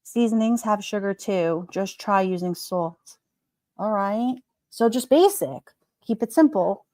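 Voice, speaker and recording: A woman's voice: medium pitch, unhurried, no echo. Chatty woman reading live comments. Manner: chatty and animated, laughs often, many "like"s. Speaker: livestream host.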